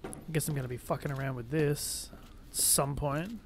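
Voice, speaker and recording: A man's voice: a little high, normal speed, noisy background. A young man swearing his way through a horror game playthrough, commenting as he plays and yelping when startled. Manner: heavy swearing, jumpy loud outbursts when startled. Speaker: let's play gamer.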